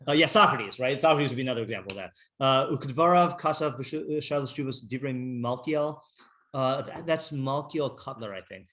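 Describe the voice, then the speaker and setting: A man teaching an informal text class, halting and rambling with many fillers, reading Hebrew passages aloud and translating them. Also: medium pitch, bright, forceful tone.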